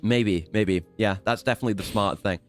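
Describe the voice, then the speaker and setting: A man with a fairly low voice streams a video game, talking fairly quickly in casual let's-play commentary. He rambles and swears as he plans his next moves and pokes fun at himself.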